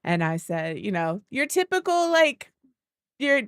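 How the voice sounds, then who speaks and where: A woman's voice: mid-range voice, sing-song, measured pace, no echo, clean studio sound. A woman streaming a game, chatting casually and rambling through stories while greeting viewers by name. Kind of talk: casual chat with live chat.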